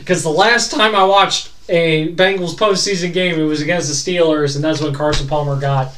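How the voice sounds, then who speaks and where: A man co-hosting a podcast in casual sports chat, whose voice climbs high when he gets excited. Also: normal speed, distant mic, a little hiss or hum. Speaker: podcast co-host.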